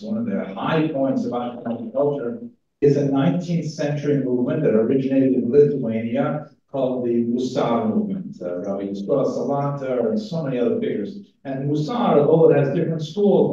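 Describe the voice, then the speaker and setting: A man's voice: medium pitch, moderate pace, mellow. Man lecturing in an echoey hall. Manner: casual, self-interrupting, with fillers. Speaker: conference speaker. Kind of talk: academic lecture with humor. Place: large conference hall. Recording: echoey hall from far off, dull sound.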